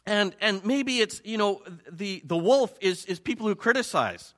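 A man preaching a sermon with a lively, swooping voice that sits a little high for a man. His tone is bright and ringing, and he acts out his listeners' reactions in playful asides. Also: normal speed. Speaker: pastor.

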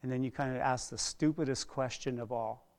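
A middle-aged man preaching a sermon as a pastor, earnest, dropping to a hush and then rising loud, often repeating words. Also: medium pitch, steady tone, a little fast. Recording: long hall reverb.

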